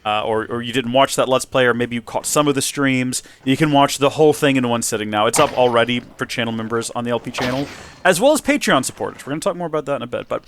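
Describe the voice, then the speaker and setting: An American man from the United States hosts his channel in a casual vlog chat, rambling, correcting himself, and tossing in emphatic asides. His voice is mid-range, fast, and a bit bright, with a little hiss or hum in the recording.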